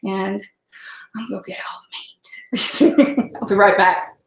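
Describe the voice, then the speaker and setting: A woman's voice: mid-range voice, fairly even intonation, unhurried. A middle-aged woman, chatting salty and laughing often while she hosts a cooking livestream. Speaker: host. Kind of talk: casual livestream chat. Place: home kitchen. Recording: echoey room.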